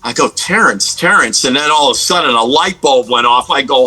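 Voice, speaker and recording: A man's voice: medium pitch, animated, a little fast, pushed and bright, soft background music, low-quality recording. A middle-aged man from the United States, a guest guitarist telling stories in a casual interview, rambling with many fillers and restarts.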